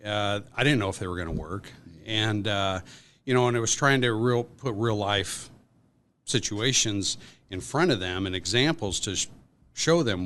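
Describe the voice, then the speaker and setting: On a podcast as a guest, a man with a fairly low, fairly bright voice rambles through workplace stories at a moderate pace, leaning heavily on fillers in a casual, anecdotal way. Slight background noise is audible.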